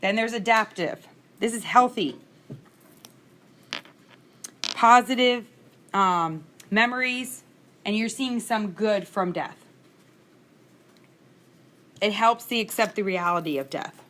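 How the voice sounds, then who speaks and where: Speaking slowly at a medium pitch, with long pauses and a bit of brightness, an instructor in her thirties gives a casual lecture. She's chatty and frank, laughs through personal stories, and is recorded on a screencast mic.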